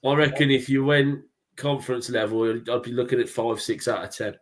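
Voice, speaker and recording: A man appearing as a guest on a football phone-in, plain-spoken and measured in his opinions. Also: medium pitch, fairly even intonation. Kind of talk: casual football chat.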